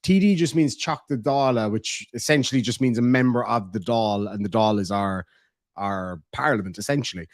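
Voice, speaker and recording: A man's voice: on the low side, brisk, no room sound, studio quality. An Irish man hosting a casual livestream, reading viewer comments aloud in a blunt, sweary way, with plenty of filler words. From Ireland. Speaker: livestream host.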